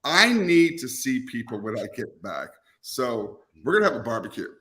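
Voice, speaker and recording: A man's voice: medium pitch, big pitch swings, moderate pace, bright, forceful tone. A man co-hosting a casual show, playful and campy, talking emphatically with his co-host. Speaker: podcast co-host. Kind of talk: casual chat.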